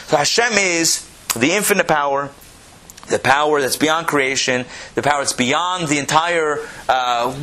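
Guy leading a torah class, a bit high-pitched, repeats himself, keeps asking the room questions. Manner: animated, repeats phrases, asks the class questions. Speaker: Torah teacher. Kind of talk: teaching a text class.

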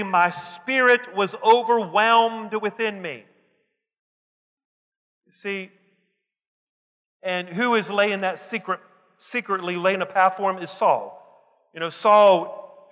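A man preaching in a church, his voice high and bright as he reads psalms with slow emphasis and rises to fervent shouts. The sound is dull and lo-fi. It carries a long hall reverb. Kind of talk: sermon reading psalms with commentary.

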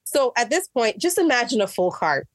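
Animated woman telling a story. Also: on the high side, moderate pace, no room sound, studio quality. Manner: animated, acts out quotes, rising exasperation. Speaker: guest. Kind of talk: casual storytelling chat.

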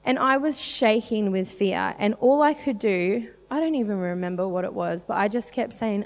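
A woman's voice: mid-range voice, normal speed, few pauses. A woman in her thirties giving a candid, chatty personal testimony as a preacher, with lots of fillers. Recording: long reverb of a hall.

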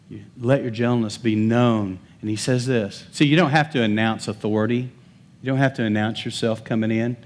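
A male pastor preaching a lively sermon, joking with the congregation and building emphasis. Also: medium pitch, normal speed. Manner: animated, humorous preaching with rising emphasis.

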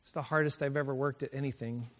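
A preacher telling stories in a reverberant chapel. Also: male voice, medium pitch, steady tone, fast, fairly bright tone. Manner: storytelling, emotional, laughs often. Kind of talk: sermon. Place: college chapel. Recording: chapel recording with long reverb.

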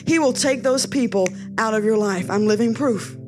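A woman's voice: a little high, normal speed, music in the background. A woman preaching a sermon in a punchy, conversational way, reading scripture aloud between short asides.

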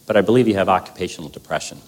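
A man voicing his calm, matter-of-fact family doctor in a retold story. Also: sits low, rapid-fire. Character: calm plain-spoken male family doctor.

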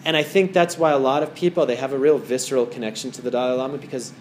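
A man's voice: medium pitch, fairly even intonation, fast talker, a little mellow, a little hiss or hum. A man giving a casual talk as a meditation teacher to a small group in a wellness center, rambling through stories with many fillers.

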